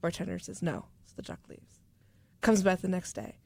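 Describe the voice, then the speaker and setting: A woman on a podcast panel telling a corny joke casually, often trailing off softly. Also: on the low side, expressive, normal speed, vocal fry, husky, dry recording.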